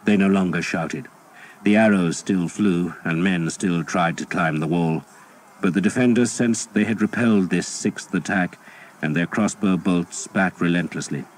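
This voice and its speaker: A man reading a historical novel as an audiobook, in a steady, measured storytelling voice. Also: low voice. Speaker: audiobook narrator. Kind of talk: scripted audiobook narration.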